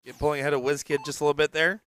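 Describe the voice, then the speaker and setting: A man's voice: on the high side, little pitch movement, very fast, a bit bright, clear, resonant tone, no echo. A man doing live darts commentary with casual, joking asides. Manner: chatty, joking, rambling asides. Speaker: dart commentator.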